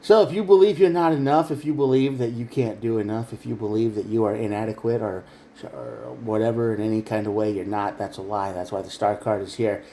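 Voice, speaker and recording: A man's voice: fairly low pitch, fairly even intonation, brisk, mellow, slight background noise. Earnest man giving a tarot reading. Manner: earnest, emphatic, talks straight to the viewer. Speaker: tarot reader. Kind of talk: direct-to-camera tarot reading.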